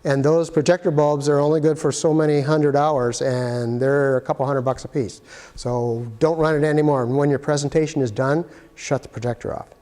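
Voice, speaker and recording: A man's voice: a little high, flat delivery, moderate pace, dark tone. A man giving a casual, practical how-to demonstration as an instructor, talking while he handles equipment. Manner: plain, practical, talks while handling gear. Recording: echoey hall sound.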